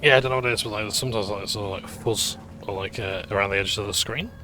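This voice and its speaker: A man's voice: lowish voice, quick pace, pushed and bright, a little hiss or hum. A man hosting his gaming channel, chatting casually over gameplay in a rambling, hesitant way. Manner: rambling, hesitant, full of fillers.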